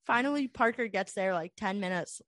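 A woman's voice: medium pitch, a little fast, dry recording, studio quality. A young woman telling a long story in a casual, rambling chat full of "like" fillers. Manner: rambling, animated, many "like" fillers.

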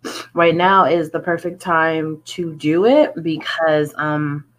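A woman's voice: low voice, slow. A woman who is a music artist, talking in an earnest, chatty way with many fillers in a casual interview.

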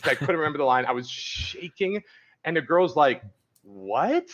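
A man's voice: fairly high pitch, normal speed, a bit bright, muffled recording. A man, a dating coach, talking candidly as a podcast guest and rambling through stories with many restarts. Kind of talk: casual podcast interview.

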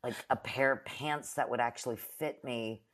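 A woman with a notably low voice talks frankly in a casual chat. She is salty and self-mocking. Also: fairly even intonation, normal speed, fairly bright tone.

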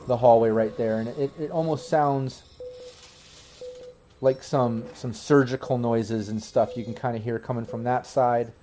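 A man narrating as game master in a tabletop role-playing game, rambling and filling pauses with "um" and "like" as he describes scenes. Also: medium pitch, warm tone. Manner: rambling, full of fillers and restarts.

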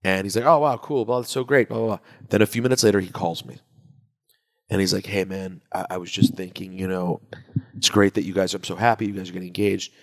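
A man's voice: low-pitched, quick pace. A man co-hosting a podcast, chatting casually and telling stories while acting out what his friends said. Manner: animated, acts out quoted friends. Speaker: podcast co-host. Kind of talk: casual chat and storytelling. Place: echoey room. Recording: echoey room with long reverb.

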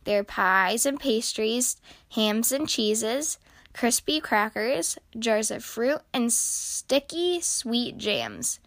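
Bright-voiced woman reading to kids. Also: on the high side, slow pace, no room sound. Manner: expressive storytelling. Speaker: children's story reader. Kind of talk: reading a picture book aloud.

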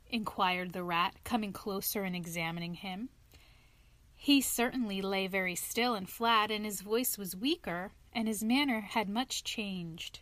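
A woman narrating a classic storybook in an expressive, lively reading voice. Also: mid-range voice, unhurried, no room sound.

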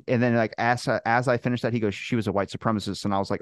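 A man hosting a podcast, telling stories in casual chat, swearing freely and getting animated. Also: medium pitch, racing, no echo, clean studio sound. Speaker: podcast host.

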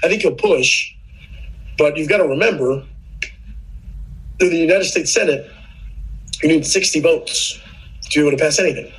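A man's voice: a little high, normal speed, long pauses, fairly bright tone, slightly rough, poor audio. A man, a podcast guest, explaining immigration policy in casual political chat, earnest and patient, often restarting his sentences.

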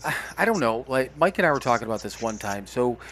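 A man co-hosting a podcast, talking candidly and reflectively, pausing and restarting as he speaks. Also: mid-range voice, very animated, a bit bright, a little hiss or hum. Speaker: podcast co-host. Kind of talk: casual podcast talk.

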